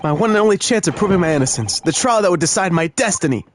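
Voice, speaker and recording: A man's voice: high-pitched, expressive, fast, a little hiss or hum, pitched above the performer's own voice. Man playing an anxious young defendant; earnest, worried narration.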